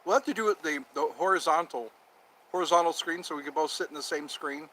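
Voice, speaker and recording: Joking man with a higher voice. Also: quick pace, sharp tone, slight background noise, poor audio. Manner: joking, slips into mock tough-guy talk; laughs at his own jokes. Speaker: vlogger. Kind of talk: casual vlog chat.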